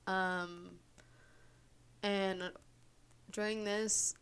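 Young woman, podcast host, casual rambling storyteller, mid-pitched voice, heavy fillers. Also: flat delivery, extremely slow, a bit bright, smooth. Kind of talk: casual chat.

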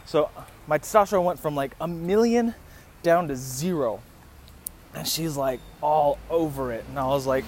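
A man's voice: a little high, moderate pace. A man in his thirties hosting a podcast, telling a story casually with lots of swearing and bursts of laughter. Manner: profane, animated storytelling with laughs. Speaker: podcast host. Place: outdoors near a street. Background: passing traffic noise.

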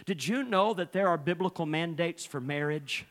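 Pastor, man, high ringing voice, fervent sermon with constant "uh" fillers. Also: moderate pace, a bit bright. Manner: fervent preaching, every phrase opened with "uh".

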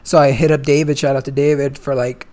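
A man's voice: medium pitch, flat delivery, fairly quick, a little mellow. A young man, a guest, chatting casually and telling a long story, swearing freely and full of slang. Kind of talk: casual chat.

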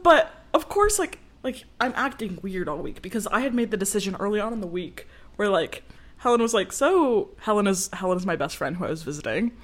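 In a casual podcast chat, a woman in her twenties spins a story at a slightly quick clip in a mid-range voice. Full of energy, she laughs frequently and acts out whoever she's quoting.

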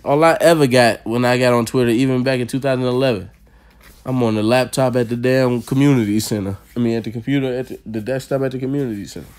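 Podcast host, male, swearing and laughing through casual rants; mid pitch. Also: steady tone, quick pace. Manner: loud, laughing, profane storytelling.

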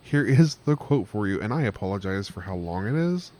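A man's voice: lowish voice, expressive, fairly quick, darkish tone. A man co-hosting a podcast, rambling in casual chat and often losing his train of thought with a laugh. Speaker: podcast co-host.

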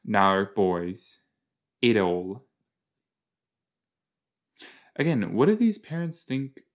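Slow-talking man rambling through a rewatch. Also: fairly low pitch, very animated. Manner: rambling and playful, with made-up silly words. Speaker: podcast host. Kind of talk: casual watch-along reaction commentary.

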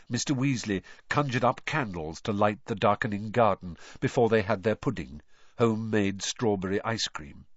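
In a lowish voice at normal speed, a man narrates a scripted audiobook with expressive storytelling. The recording is dry, with the highs cut off.

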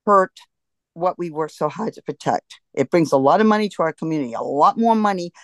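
Impassioned low-voiced woman guest. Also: lively intonation, a little fast, no room sound. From United States. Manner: frustrated, emphatic, restarts often. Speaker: guest, scuba diver. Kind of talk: impassioned interview talk.

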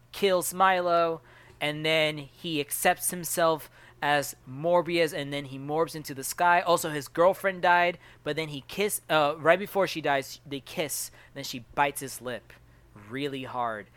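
A man's voice: fairly high pitch, fairly even intonation, measured pace, a bit bright, clear, resonant tone, no room sound. A man co-hosting a podcast, recapping a movie in casual chat with rambling, self-interrupting storytelling. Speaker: podcast co-host.

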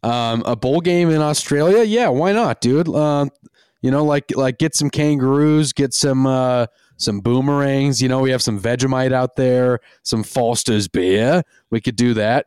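A laid-back man co-hosting a casual sports podcast over a remote connection. His voice is smooth and resonant, at an ordinary pitch, and the sound is close and dry. He rambles through opinions with loose fillers and casual swearing. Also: normal speed, darkish tone, dry recording. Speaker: podcast co-host. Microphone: remote call, home microphone.

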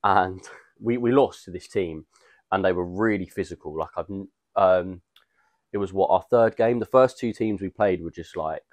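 A young man co-hosting a casual podcast, telling long stories full of fillers and slang. His voice sits fairly low. The sound is dry and close to the mic. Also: moderate pace, dry recording. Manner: rambling storytelling with fillers and slang. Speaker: podcast co-host. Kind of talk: casual chat.

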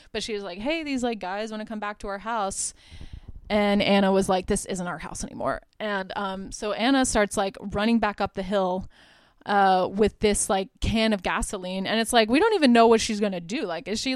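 A woman's voice: mid-range voice, smooth, no echo. A young woman hosting a podcast, recapping a horror film in a casual, chatty way, full of fillers and swearing. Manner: chatty, profane, lots of "like" fillers. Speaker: podcast host.

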